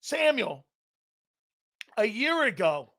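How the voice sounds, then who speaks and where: A middle-aged man hosting a live sports talk show, reading chat messages aloud, laughing often and arguing back loudly. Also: extremely high pitch, slow pace, vocal fry. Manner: loud, excitable, laughs often, argues with chat.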